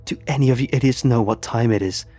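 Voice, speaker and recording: A man voicing Eleanor, a stern, furious woman soldier with a thick accent who shouts and scolds. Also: lowish voice, fairly even intonation, brisk, breathy edge, faint music behind.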